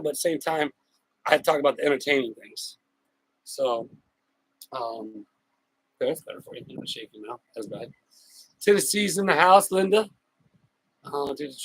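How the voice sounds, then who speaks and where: A man hosting a casual outdoor live stream, greeting viewers by name in a chatty, upbeat way with drawn-out shout-outs. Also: fairly high pitch, slightly rough, dry recording, poor audio. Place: outdoors on a hot day with a fan.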